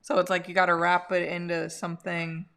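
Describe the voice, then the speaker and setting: A woman's voice: lowish voice, level tone, fairly quick, fairly bright tone. A woman co-hosting a casual livestream chat, talking in an enthusiastic, filler-heavy way. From California. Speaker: co-host.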